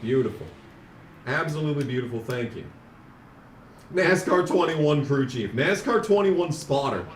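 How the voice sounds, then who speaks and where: A man streams himself racing, talking casually in a slightly high voice with sarcastic rants. The sound is roomy and set back from the microphone, with faint background noise. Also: lively intonation, moderate pace, pauses often, far from the mic. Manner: sarcastic, ranting, mock auctioneer bits. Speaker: game streamer. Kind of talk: casual live-stream commentary.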